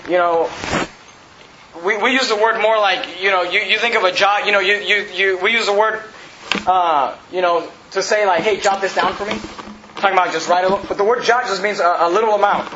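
A male pastor preaching an emphatic sermon to a congregation, repeating his points and rising to shouts. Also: high-pitched, brisk, background noise. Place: church hall. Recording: roomy, slightly dull, congregation audible. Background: congregation responding.

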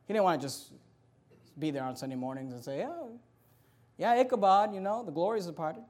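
Male pastor, high-pitched, animated sermon delivery with sudden loud bursts and humorous asides.

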